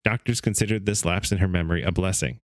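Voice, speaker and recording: This man hosts a casual podcast where he reads stories aloud, his low voice moving at a quick pace with no echo. Occasionally a word trips him up, and he laughs before reading steadily on.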